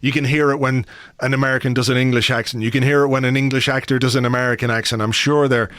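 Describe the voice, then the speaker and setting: A man's voice: medium pitch, fast talker, no room sound. A man hosting a podcast, chatting casually with a guest and leaning on plenty of fillers. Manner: relaxed, chatty, many fillers. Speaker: podcast host. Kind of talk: casual chat.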